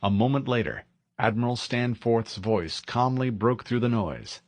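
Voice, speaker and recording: A man narrating a military science fiction novel in a steady, dramatic audiobook reading. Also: medium pitch, a little slow, no echo.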